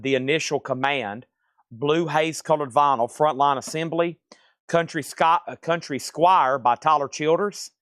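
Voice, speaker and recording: A man hosting a live record sale, rattling off items and prices in a casual, brisk way. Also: on the high side, fairly bright tone, dry recording, studio quality. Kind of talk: livestream sales pitch.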